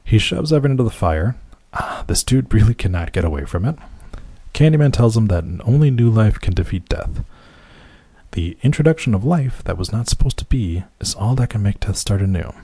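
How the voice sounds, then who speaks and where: A man's voice: on the low side, expressive, normal speed, warm tone, husky, no echo. A man recapping a film scene by scene in casual commentary, with wry, sarcastic and profane asides. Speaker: movie recap narrator.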